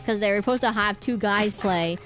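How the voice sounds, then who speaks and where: A woman streamer chatting casually while playing a game, rambling through an animated retelling with frequent restarts and self-corrections. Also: medium pitch, brisk, faint music behind.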